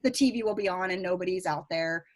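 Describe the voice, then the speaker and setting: A middle-aged woman with a fairly low voice talks quickly as a psychic medium guest in a casual interview. She chats and tells stories in an animated way, laughing along as she goes.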